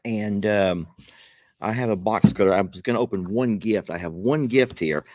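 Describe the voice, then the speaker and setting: A man's voice: lowish voice, normal speed, a little mellow. A man hosting a casual vlog, chatting folksily and directly to his viewers as he opens gifts. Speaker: vlog host. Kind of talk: casual vlog chat while opening gifts.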